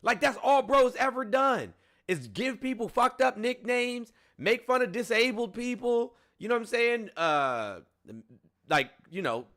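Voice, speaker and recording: A man's voice: very high voice, lively intonation, a little slow, a bit bright. A man hosting a call-in show, talking bluntly and with plenty of swearing and fillers. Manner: blunt and profane, with frequent fillers. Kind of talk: casual political chat.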